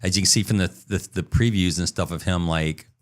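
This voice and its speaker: A man's voice: deep voice, fairly quick. A man co-hosting a podcast in casual chat, rambling through a story and acting out the sounds. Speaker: podcast co-host.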